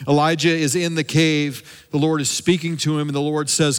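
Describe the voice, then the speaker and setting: A man who is a lead pastor, preaching a sermon and dropping at times into a soft, hushed voice for emphasis. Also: a little high, flat delivery, normal speed, few pauses, clear, resonant tone, big-room sound. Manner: preaching with dramatic drops to a soft hush.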